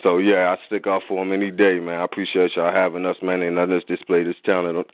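A man's voice: deep voice, monotone, quick pace, dry recording. A man, a rapper calling in, speaking earnestly and thankfully, ending nearly every phrase with "man". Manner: repeats "man" constantly, grateful, earnest. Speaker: rapper guest. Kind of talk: casual call-in talk. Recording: tinny phone-like call audio.

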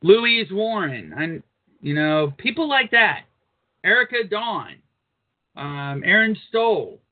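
A man's voice: high-pitched, big pitch swings, slow. A man co-hosting an uncensored talk radio show, reading news aloud with crude, blunt asides. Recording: phone-like narrow band.

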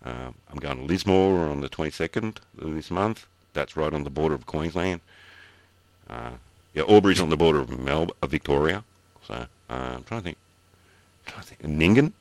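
An Australian man with a remarkably deep, low voice, rambling through casual podcast chat. The sound is dry and close to the mic, with him chuckling now and then. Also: expressive, moderate pace, no room sound. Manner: rambling, chuckles between stories. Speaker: podcast co-host.

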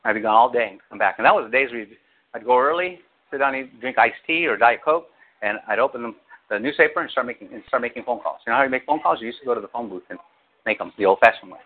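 A male pastor preaching an animated sermon, acting out quotes with big jumps in his voice. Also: mid-range voice, quick pace. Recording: tinny phone-like audio.

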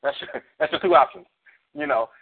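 A man who is a pastor, hosting a call-in radio show with lively, joking banter. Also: on the high side, normal speed, slightly rough. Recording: tinny phone-like line.

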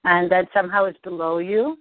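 A woman coaching a client through a tapping session, asking gentle, probing questions. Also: lowish voice, steady tone, fairly quick, dry recording. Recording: dry tinny phone-like line.

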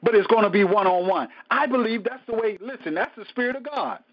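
A man's voice: sits high, expressive, a little fast. A man, a pastor, teaching a Bible study in a conversational preaching style, emphatic and colloquial, often repeating phrases and breaking into praise. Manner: casual colloquial speech. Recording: dull lo-fi recording.

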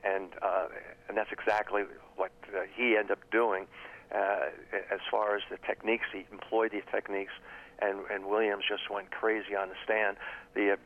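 Male interview guest, former profiler, halting and repetitive, low voice, dull lo-fi audio. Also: flat delivery. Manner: halting, repeats words often. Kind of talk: casual interview talk.

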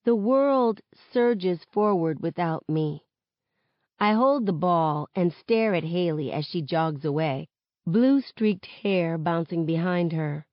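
A woman reading a novel aloud in the first person, with expressive narration. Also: on the low side, no echo, lo-fi sound. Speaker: reader of a novel. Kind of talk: audiobook-style novel reading.

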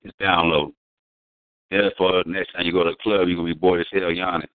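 A man's voice: deep voice, flat delivery, fast talker, no room sound. A man talking casually in slangy speech, telling stories with emphasis. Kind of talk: casual conversation. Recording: tinny phone-like audio.

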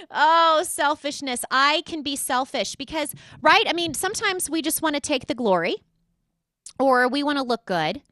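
A woman's voice: a little high, fairly bright tone, no echo, clean studio sound. A woman hosting a talk show, giving an emphatic motivational monologue straight to her listeners and repeating her key points.

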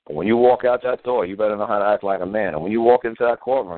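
Deep-voiced older man on tinny line. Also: very fast, dry recording. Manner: plain, blunt, repetitive and folksy. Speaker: radio show host. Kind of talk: casual talk radio chat. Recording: tinny phone-line radio sound.

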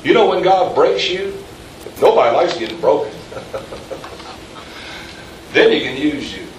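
A man's voice: a little high, sing-song, measured pace. A pastor in mid-sermon, talking casually and then building to emphatic peaks, throwing questions out to the pews. He is picked up from some distance in an echoey room, with a faint hum of ambience behind him. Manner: conversational, rising to emphatic peaks, quizzing the congregation.

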